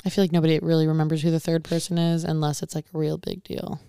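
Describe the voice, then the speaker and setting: A woman's voice: sits low, level tone, fast, warm tone, smooth, no echo, studio quality. A young woman co-hosting a podcast, chatting casually and rambling with lots of "like" and restarts. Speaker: podcast co-host. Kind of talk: casual chat. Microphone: podcast mic.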